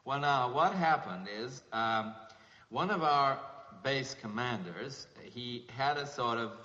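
An actor playing a flustered male president who awkwardly soothes a caller on the phone, in a halting, apologetic way. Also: mid-range voice, lively intonation, bright, forceful tone. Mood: awkward, placating. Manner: halting, apologetic, drawn-out pauses. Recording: muffled old film soundtrack with long reverb.

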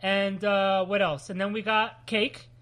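A man from New Jersey hosts a podcast in loose, casual chat. His voice sits unusually high, and he peppers his banter with crude, profane jokes. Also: little pitch movement, measured pace, fairly bright tone. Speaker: podcast host.

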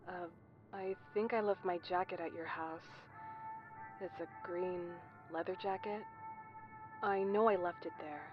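A woman acts out an obsessive caller who stays creepily calm. Her voice sits a little low and stays level as she insists. Music plays under dull audio. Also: a little slow, close to an everyday voice. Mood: insistent. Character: obsessive, unhinged woman after her jacket.

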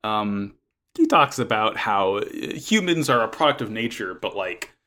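Casual podcast co-host, man, bright tone, rambling and profane. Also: lowish voice, very animated, moderate pace. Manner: rambling, frequent swearing and restarts. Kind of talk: casual chat recapping an anime episode.

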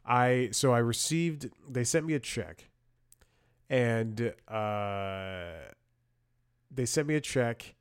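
A man's voice: medium pitch, slow pace, clear, resonant tone, dry recording, clean studio sound. A man hosting a podcast, telling a story in a rambling, self-interrupting way and laughing at his own jokes. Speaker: podcast host. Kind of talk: casual comedic monologue.

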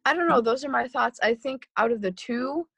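A woman's voice: on the high side, moderate pace, creaky, fairly bright tone, slightly rough, no room sound. A woman co-hosting a podcast, chatting frankly and offhandedly about poems, with casual swearing. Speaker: podcast co-host. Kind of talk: casual chat.

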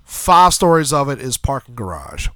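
A man's voice: mid-range voice, very animated, normal speed, pushed and bright, no room sound. A man with a congested, nasal voice from a cold, telling a crude, rambling story on a podcast into a handheld mic. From New Orleans area. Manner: crude, rambling anecdote with frequent asides. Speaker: podcast co-host. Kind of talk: casual storytelling.

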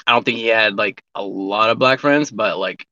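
Bright-voiced man chatting on lo-fi audio. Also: on the low side, moderate pace, dry recording. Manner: candid, profane, rambling with many restarts. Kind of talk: casual chat. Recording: dull lo-fi recording.

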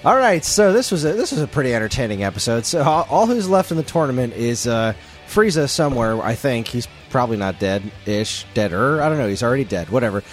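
Lively, excitable man recapping a show. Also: medium pitch, a little fast, faint music behind. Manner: excitable, slangy storytelling. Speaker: podcast co-host. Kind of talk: casual chat and recap.

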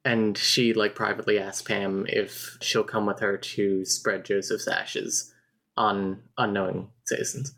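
A woman co-hosting a podcast, chatting casually about a book she has read, frank and quick to laugh. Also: a bass voice, level tone, a bit bright. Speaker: podcast co-host. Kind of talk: casual book-club chat.

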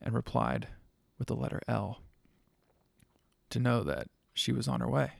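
A man narrating a spooky story in a measured, dramatic manner. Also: medium pitch, fairly even intonation, vocal fry, no room sound, studio quality.

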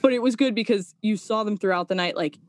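A woman's voice: mid-range voice, fast. A young adult woman, a guest on a podcast, chatting casually and acting out the people in her stories. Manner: animated storyteller, acts out quotes. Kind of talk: casual interview chat.

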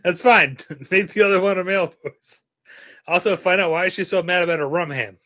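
A man with a bright, forceful voice, a touch higher than most men, chats casually and teases his friends. He takes charge and hands out reading parts. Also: brisk. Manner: bossy, teasing, giving directions. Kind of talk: casual chat.

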